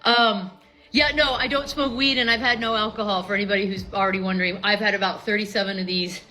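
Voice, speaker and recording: A woman in her fifties, out of breath and excited, talking fast and swearing as a sports fan on a live stream. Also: mid-range voice, rough recording. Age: 50s. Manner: excited, swearing, laughing between lines.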